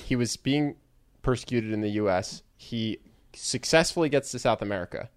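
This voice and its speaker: A man's voice: mid-range voice, normal speed, clear, resonant tone, no echo. Man interjecting, dry close sound. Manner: short interjections and questions. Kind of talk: casual chat, listening and asking.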